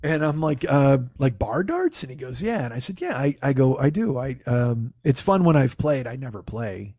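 A man's voice: medium pitch, very animated, moderate pace, a little mellow, dry recording, studio quality. A man telling a casual, profane story in his own voice. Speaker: podcast host telling a story.

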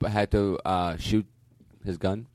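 A man's voice: on the low side, steady tone, takes it slowly, darkish tone, dry recording. A man as a guest on a comedy podcast, making dry, teasing quips in casual chat.

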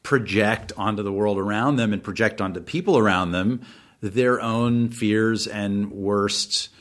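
A man with a low voice speaks in a relaxed, conversational way. He works through his thoughts slowly, hesitating often and restarting his phrases as he goes. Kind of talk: casual conversation.

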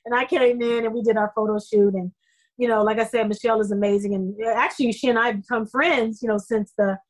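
A middle-aged actress speaking as an interview guest, telling her story in an effusive, emotional way with lively quoted asides. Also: on the high side, fast, rough recording. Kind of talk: conversational interview.

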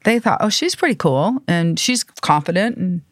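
A middle-aged woman from New York, a podcast guest telling animated stories and acting out the voices of people she quotes. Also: fairly low pitch, normal speed, no room sound, studio quality. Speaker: interview guest. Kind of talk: casual storytelling.

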